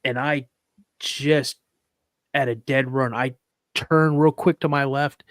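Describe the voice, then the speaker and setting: A man in a casual podcast conversation, telling a story with lively energy, his voice lifting sharply whenever he quotes someone. His pitch sits in a middle range for a man. The recording is dry and close, with almost no room around him, and now and then he sounds close to tears. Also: takes it slowly, no echo. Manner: animated, acts out quoted dialogue in a raised voice; fighting back tears at moments. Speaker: podcast guest.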